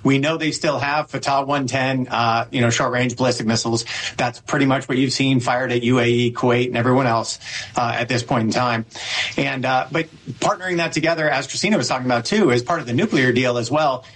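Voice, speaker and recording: Male military analyst, rapid-fire delivery, explanatory, live news. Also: mid-range voice, fairly bright tone, rough recording. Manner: rapid, explanatory, many fillers.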